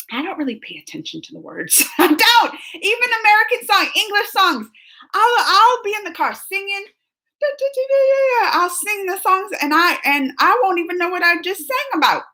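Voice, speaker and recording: Bright, slightly high woman host, chatty, laughing, casual streamer reading chat. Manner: chatty, laughs often, jumps between chat comments.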